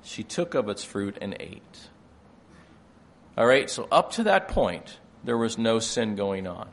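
Gravelly older man preaching. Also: lowish voice, very animated, unhurried. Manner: swings from quiet explaining to loud emphatic preaching. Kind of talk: sermon.

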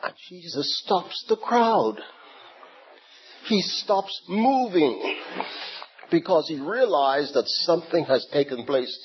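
Male preacher, lively pitch, unhurried delivery, dull lo-fi recording with faint room ambience. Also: slight background noise. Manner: slow, animated storytelling with repeated words. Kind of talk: sermon.

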